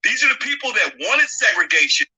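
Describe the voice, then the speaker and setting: A man's voice: high voice, sing-song, brisk, sharp tone, breathy edge, rough recording. A man arguing politics on a live stream, blunt and emphatic, pressing his points with a challenging "okay?". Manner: blunt and profane. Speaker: guest speaker on a live stream. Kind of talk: heated political argument.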